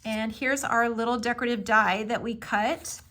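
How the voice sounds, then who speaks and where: A woman with a slightly high voice walks through a paper craft project step by step. She talks casually, with plenty of fillers and reassuring instructions. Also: steady tone, normal speed, bright, forceful tone.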